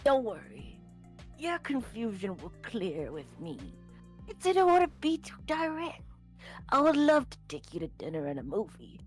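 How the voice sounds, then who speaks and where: A woman voicing a creepy middle-aged man who speaks in a smug, slow and overly formal way. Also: lowish voice.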